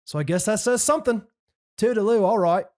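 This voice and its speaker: Cheerful young London guy, a podcast host doing the accent, exaggerated and sing-song, pitched up high. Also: brisk, warm tone, lightly acted. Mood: cheeky. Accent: put-on London English. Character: cheerful young London man reading a comment.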